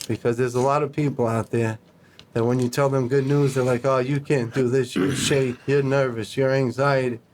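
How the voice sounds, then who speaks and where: There's slight background noise as this man, a podcast guest with a pitch in the ordinary middle range, tells a story in casual talk. Animated and profane, he acts out dialogue by taking on the voices of whoever he's quoting.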